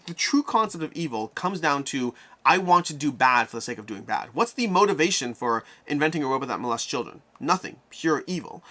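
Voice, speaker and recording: Male streamer-host, a touch high-pitched, rapid and animated, casual Q&A delivery. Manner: animated, talks things through out loud. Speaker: host answering viewer questions. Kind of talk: live-stream Q&A chat.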